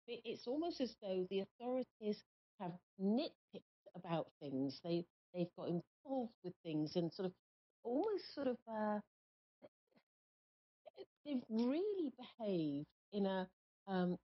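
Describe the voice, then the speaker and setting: A woman hosting a live call-in psychic reading on the radio, speaking in a halting, searching way with many pauses. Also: mid-range voice, sing-song, slightly rough. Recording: muffled lo-fi stream audio.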